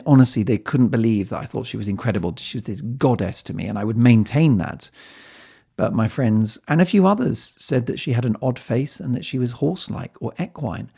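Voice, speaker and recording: A man's voice: mid-range voice, vocal fry, warm tone, breathy edge. A middle-aged man hosting a solo podcast, telling stories in a chatty, self-mocking way with playful asides. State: slightly lightheaded. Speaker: podcast host. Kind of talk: casual solo podcast monologue.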